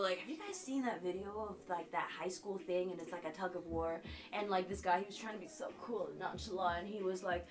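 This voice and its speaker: A woman's voice: on the low side, steady tone, moderate pace. A woman live streaming and chatting casually with her viewers, talking emotionally with lots of fillers and swinging between tears and giggles.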